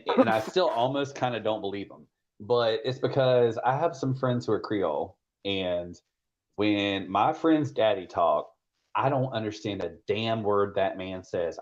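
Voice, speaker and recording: A man from the American South holds forth on a live stream, his voice pitched on the low side. He rambles bluntly, swears freely, and leans on lots of fillers. The audio sounds dull and lo-fi. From Georgia, US. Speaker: stream host. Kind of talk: casual live-stream chat.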